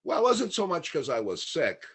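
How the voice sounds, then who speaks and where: A man's voice: a little high, wildly swooping pitch, normal speed, slightly rough. A man talking as a podcast guest, telling a long personal story in a candid, matter-of-fact way. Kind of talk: casual interview storytelling.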